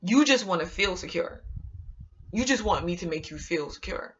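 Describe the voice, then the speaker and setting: A woman vlogger talking casually to her viewers in an animated, rambling, slangy way. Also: on the low side, normal speed, husky, highs cut off. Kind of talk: casual monologue to camera.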